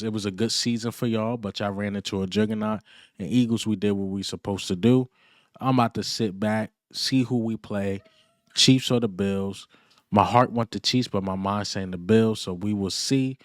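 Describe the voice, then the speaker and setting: A man with a lowish voice rants about his team's win in a casual fan video. He is excited and boastful, repeating lines for emphasis and trash-talking rivals. The sound is dry, with no room echo. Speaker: sports fan vlogger. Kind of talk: casual fan reaction rant.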